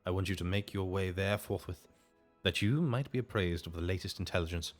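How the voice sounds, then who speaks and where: A man voicing a stern woman admiral in a British accent, speaking in a formal, measured way. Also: sits low, soft background music, close to an everyday voice. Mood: commanding.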